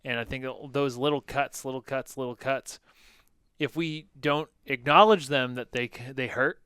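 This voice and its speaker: A man hosting a podcast, measured and explanatory as he reflects on his guest's story. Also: medium pitch, pushed and bright, clear, resonant tone, no echo, clean studio sound. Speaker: podcast host. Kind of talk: reflective conversational commentary.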